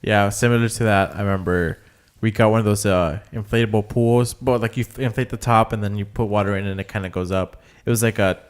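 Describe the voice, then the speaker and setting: Young male podcast co-host, low voice, easygoing and filler-heavy. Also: brisk, hardly any pauses. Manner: relaxed, filler-heavy talk with many "like"s. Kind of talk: casual chat.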